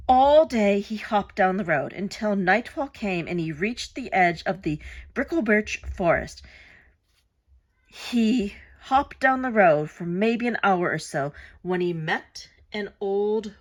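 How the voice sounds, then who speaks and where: A woman narrates a storybook aloud at a slow, deliberate pace. Her husky voice moves in wide, lively swings of pitch as she tells the tale. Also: poor audio. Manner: expressive, unhurried read-aloud. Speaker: craft channel host.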